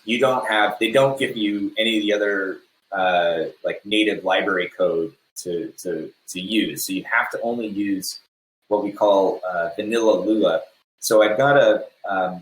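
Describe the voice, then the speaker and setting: A man giving a conference tech talk, halting with many fillers and restarts. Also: lowish voice, a bit bright, roomy sound, low-quality recording. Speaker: conference speaker. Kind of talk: technical talk, loosely spoken.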